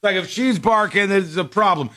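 A man hosting a talk show, telling stories in a rambling, animated way with quick asides. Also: high voice, dry recording, studio quality. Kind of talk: casual talk show chat.

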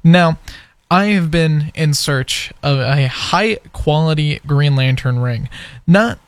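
College radio DJ, young man, slightly high voice, dry close studio sound, loose rambling delivery. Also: slow, no room sound. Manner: rambling, filler-heavy, conversational. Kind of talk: casual on-air chat. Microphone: studio mic.

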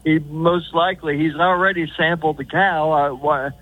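A man from the Kansas City area calling in as a regular to a sports talk show, rambling and halting, repeating himself. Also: fairly high pitch, steady tone, dry recording. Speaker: regular caller. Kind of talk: phone-in call. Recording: tinny phone line.

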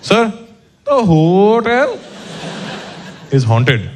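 A man voicing a polite, apologetic hotel bellman who speaks slowly and gravely. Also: high-pitched, wildly swooping pitch, a little mellow, slight background noise, voice pushed up, heavily acted.

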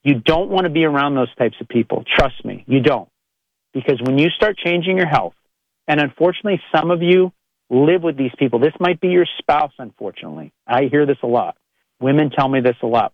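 A man's voice: fairly high pitch, no room sound. A man who works as a chiropractor, giving a direct, earnest motivational monologue with lots of casual "like" fillers. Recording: dry, slightly dull audio.

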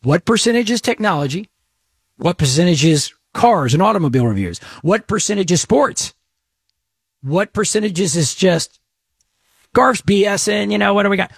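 A man's voice: high voice, expressive, normal speed, gravelly, husky, no echo, clean studio sound. A man from Texas hosting a talk radio show, rambling and joking as he interrupts himself. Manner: rambling, jokey, self-interrupting. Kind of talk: casual talk radio monologue.

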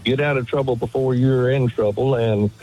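A man's voice: mid-range voice, steady tone, normal speed, dark tone, faint music behind, poor audio. An older man calling in to a radio show, speaking plainly and matter-of-factly. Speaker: caller. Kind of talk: phone-in call.

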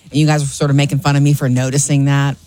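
A woman's voice: extremely low pitch, level tone, rapid-fire, warm tone, dry recording. A middle-aged woman co-hosting a radio morning show, chatting casually and enthusiastically and laughing easily. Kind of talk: casual chat.

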